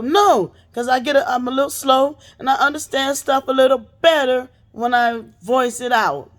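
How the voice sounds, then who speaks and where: A woman's voice: high voice, steady tone, a little fast, hardly any pauses. A woman host telling a story in casual chat, profane and blunt, acting out what others said.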